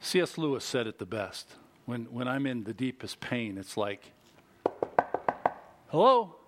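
A middle-aged man preaches as pastor against a noisy background, his voice mid-range and his pace moderate. He's animated, pressing the congregation with rhetorical questions.

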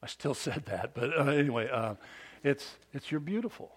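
A middle-aged man preaching a sermon in a conversational storytelling style, moving from loud emphatic bursts to hushed, almost whispered lines. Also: mid-range voice, normal speed, slightly rough. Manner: conversational, with restarts and storytelling asides. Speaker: pastor.

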